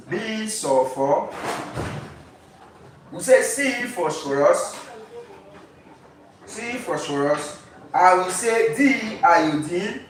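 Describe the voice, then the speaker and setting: A man tutoring chemistry for an exam, asking "what?" and having listeners fill in the key words. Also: high-pitched. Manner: drills students with repeated call-and-response questions. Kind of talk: exam-prep lesson. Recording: very echoey room, voice far from mic, faint noise.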